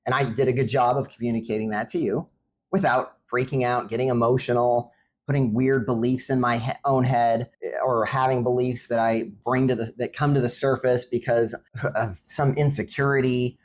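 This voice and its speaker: A man's voice: mid-range voice, steady tone, normal speed, slight background noise. Earnest man with a mid-range voice. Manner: earnest, explains things step by step. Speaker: podcast co-host. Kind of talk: casual couple's conversation.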